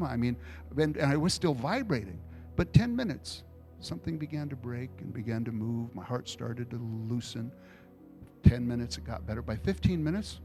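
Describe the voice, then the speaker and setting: Gravelly-voiced man preaching casually. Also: medium pitch. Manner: conversational storytelling, animated retellings. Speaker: pastor. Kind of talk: informal sermon with Q&A.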